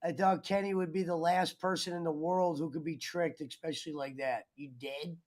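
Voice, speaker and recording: A man's voice: a little high, steady tone, normal speed, a little mellow. A man hosting a live stream, chatting casually, laughing and reading out chat messages. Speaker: streamer host.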